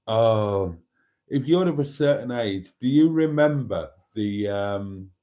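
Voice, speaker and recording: A man's voice: lowish voice, warm tone. A man hosting a casual livestream, reading out viewer comments and laughing heartily. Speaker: livestream host.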